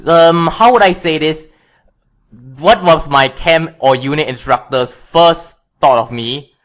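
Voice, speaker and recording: A man's voice: fairly high pitch, slow, a bit bright. A man being interviewed as a guest, rambling and often correcting himself. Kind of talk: casual interview chat.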